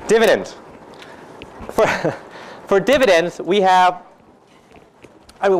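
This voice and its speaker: Here the high-pitched finance lecturer goes slowly, pausing often, over a little hiss or hum. He still quizzes students constantly, tosses in Thai phrases, and jokes between points.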